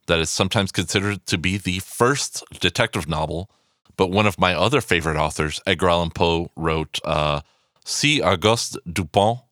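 Excitable, swearing man with a very deep voice. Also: normal speed, no room sound, clean studio sound. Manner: excitable, heavy swearing, rambling asides. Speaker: podcast host. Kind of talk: casual podcast monologue. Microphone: podcast microphone.

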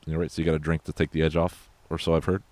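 Man, extremely low voice, profane casual movie recap host, dry close mic. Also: little pitch movement, very fast, a little mellow, no echo. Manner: rambling, profane, loose and conversational. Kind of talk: casual film recap chat.

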